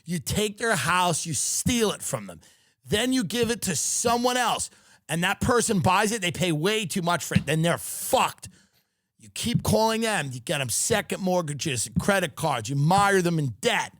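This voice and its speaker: Sarcastic ranting man, very animated. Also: sits high, normal speed, no echo, clean studio sound. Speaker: podcast host. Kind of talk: comedic rant.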